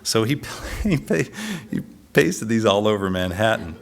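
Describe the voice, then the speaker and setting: A man giving a design lecture, telling stories in an animated way and often laughing. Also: lowish voice, a little slow, gravelly. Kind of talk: lecture with anecdotes.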